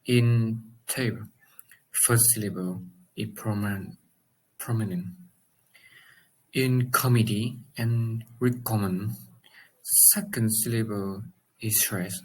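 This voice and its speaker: A man giving a class presentation on word stress, speaking in a halting way with non-native phrasing. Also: lowish voice, fairly even intonation, slightly rough, poor audio. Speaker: student presenter.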